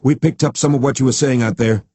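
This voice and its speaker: A man's voice: medium pitch, fairly even intonation, fast talker, no echo, pitched above the performer's own voice, close to an everyday voice. A man voicing a zealous, hostile believer who accuses others in an audiobook. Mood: accusing. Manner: accusing, forceful.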